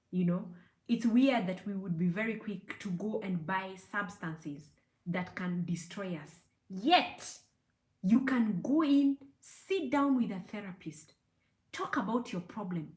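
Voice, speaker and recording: Middle-aged woman counselor lecturing, lively up and down voice, lots of "you know", echoey room. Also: medium pitch. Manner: emphatic, with frequent "you know" and "okay?" asides. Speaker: counseling psychologist. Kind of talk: teaching talk to camera.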